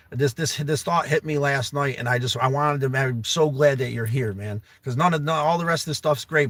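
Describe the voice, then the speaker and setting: On a livestream he hosts, a young man with a medium-pitched voice makes a heartfelt, emotional plea, earnestly urging a viewer he calls brother to come live at his home for a while. No room sound is present.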